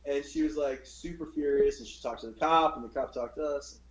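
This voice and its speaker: A man's voice: medium pitch, fairly quick, a loud crowd. Profane man telling a story, roomy. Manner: profane, animated, acts out voices in anecdotes. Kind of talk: casual storytelling. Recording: roomy, dull lo-fi sound.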